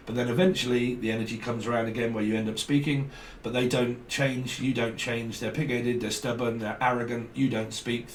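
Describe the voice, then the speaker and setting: A man's voice: mid-range voice, recorded from a distance. A man giving a casual tarot reading to camera. He talks bluntly, swears freely and repeats his phrases. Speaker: tarot reader. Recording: roomy, off-mic, faint background noise.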